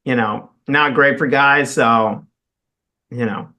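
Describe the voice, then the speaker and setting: A man's voice: medium pitch, slow, pushed and bright. A man co-hosting a podcast in casual chat, rambling with many fillers. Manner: rambling, full of "you know" fillers. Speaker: podcast co-host.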